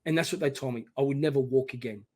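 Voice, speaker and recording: A middle-aged man telling his personal story as a podcast guest, emphatic and animated, often quoting his own words. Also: mid-range voice, quick pace.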